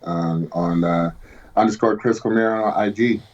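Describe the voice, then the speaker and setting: A man's voice: fairly low pitch, steady tone, moderate pace. A man, a guest on a remote interview, talking in a laid-back, rambling way with lots of fillers. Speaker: guest, retired pro bodybuilder. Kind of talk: casual interview chat. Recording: dull lo-fi call audio.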